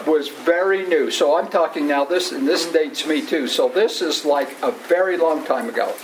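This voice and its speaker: Brief: male coworker, halting anecdote-teller at a retirement event. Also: fairly high pitch, a little hiss or hum, low-quality recording. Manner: rambling, halting, laughs through his story. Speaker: coworker giving a retirement tribute. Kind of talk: storytelling speech at a farewell gathering.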